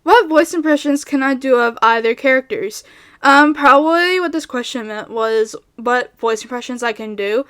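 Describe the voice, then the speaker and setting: A woman's voice: sits high, moderate pace, a bit bright, smooth. A young woman voice actor answering questions in a casual, rambling vlog, with lots of fillers, recorded on a studio mic at home. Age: young adult. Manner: rambling, filler-heavy, laid-back. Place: home bedroom setup. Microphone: studio mic with pop filter.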